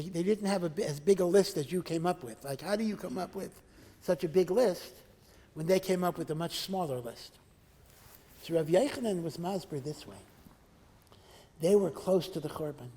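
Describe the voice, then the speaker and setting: A rabbi giving an earnest Torah lecture, asking rhetorical questions and mixing in Hebrew and Yiddish terms. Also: male voice, high voice, mellow. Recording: hall with long reverb.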